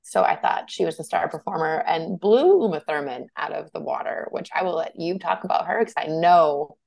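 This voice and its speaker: A woman's voice: sits low, animated, normal speed, vocal fry, darkish tone, no echo. A woman from Washington State co-hosting a podcast in casual chat, loose and chatty with digressions. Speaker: podcast co-host.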